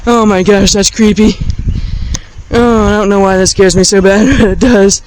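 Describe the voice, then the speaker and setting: High-voiced man vlogging outdoors. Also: steady tone, normal speed, slight background noise, low-quality recording. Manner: chatty, easily amazed, talks to viewers directly. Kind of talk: casual walking vlog. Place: outdoors by a river bridge in a small town. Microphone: handheld camera.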